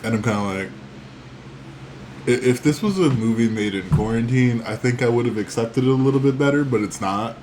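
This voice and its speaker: A man's voice: medium pitch, fairly quick, darkish tone, slight background noise, low-quality recording. A man in his twenties giving a blunt, casual film opinion, swearing and filling with "like". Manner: blunt and sweary, many "like" fillers. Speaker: podcast co-host. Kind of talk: casual movie review chat.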